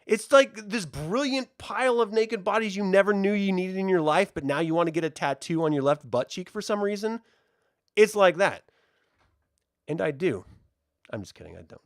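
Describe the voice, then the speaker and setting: Animated joking man reviewing films. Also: sits high, moderate pace, no echo, clean studio sound. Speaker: host. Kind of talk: casual spoiler film review.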